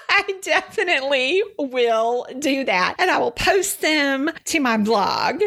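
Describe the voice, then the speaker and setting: A woman's voice: high voice, big pitch swings, takes it slowly, vocal fry, pushed and bright. A Texan woman hosting a Christian devotional podcast, emotional and effusive, sniffling through tears as she talks into her microphone. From Texas. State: teary, sniffling. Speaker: podcast host. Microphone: studio microphone, seated.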